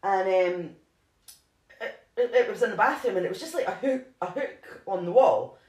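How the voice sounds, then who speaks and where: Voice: mid-range voice, animated, moderate pace, darkish tone. Podcaster with a roomy echo. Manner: rambling, lots of "like" and restarts. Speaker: podcast co-host. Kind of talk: casual true-crime storytelling.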